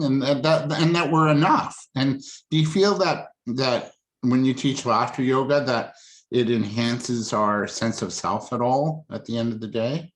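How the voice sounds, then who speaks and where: A man's voice: mid-range voice, normal speed. Easygoing male host, roomy echo. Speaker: podcast host. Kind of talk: casual interview chat.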